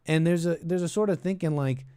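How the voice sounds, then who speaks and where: A man's voice: fairly high pitch, brisk, warm tone, clean tone, no echo, clean studio sound. A man hosting a call-in show, giving casual political commentary in a rambling way, restarting his sentences and trailing off into asides.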